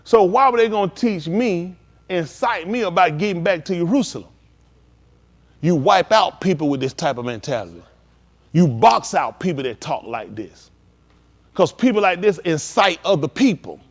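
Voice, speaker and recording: Man, preacher, high voice, swooping lively delivery, slangy street talk. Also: normal speed, pauses often. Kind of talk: live-streamed sermon.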